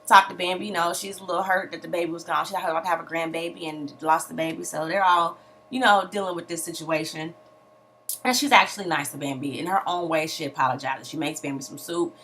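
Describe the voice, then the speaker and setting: A young woman tears through a reality show recap with sassy, slangy asides and mock outrage. Her low voice has a gravelly fry under a bright, forceful edge. A faint hiss of noise sits behind her. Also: fairly even intonation, fast. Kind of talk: casual recap commentary.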